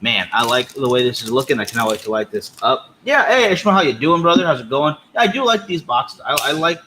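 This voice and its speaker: A man's voice: medium pitch, sing-song, fast, pushed and bright, a little hiss or hum, poor audio. A man co-hosting a podcast in casual chat, upbeat and teasing as he talks. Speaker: podcast co-host.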